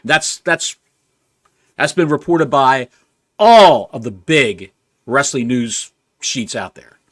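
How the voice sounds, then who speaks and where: A man co-hosting a casual wrestling podcast, ranting with rapid rhetorical questions. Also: mid-range voice, lively intonation. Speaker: podcast co-host.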